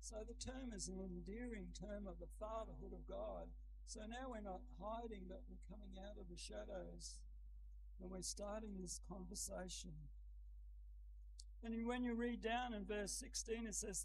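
An older man preaching a sermon in a church, speaking gently at first and building to an emphatic scripture reading. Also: high voice, moderate pace, noisy background.

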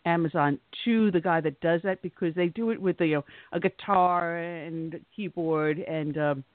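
High-pitched male talk radio host, chatty, over a thin phone-like line. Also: normal speed, dry recording. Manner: chatty and conversational. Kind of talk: radio talk show chat.

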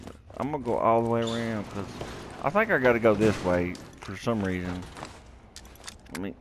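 A man's voice: fairly low pitch, noisy background. A man giving rambling, casual commentary as he plays a game and talks to himself. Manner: rambling, self-talking, easily confused. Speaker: gameplay video creator. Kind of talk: casual let's play commentary.

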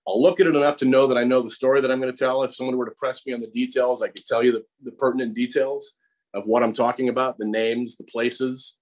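A middle-aged American man talking through his craft as an interview guest. He is an actor and teacher with a mid-pitched voice, and he explains things at length. He often restarts his sentences and repeats words as he goes. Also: flat delivery, fast talker, darkish tone, poor audio. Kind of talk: conversational interview. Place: acting studio.

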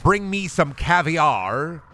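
A pompous food critic, as a man puts him on whines his demands in a raised, nasal-edged pitch. He sounds fussy and entitled, and his voice swings up and down as he complains. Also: big pitch swings, slow pace, bright, forceful tone, slight background noise, heavily acted. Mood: demanding. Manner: demanding, whiny.

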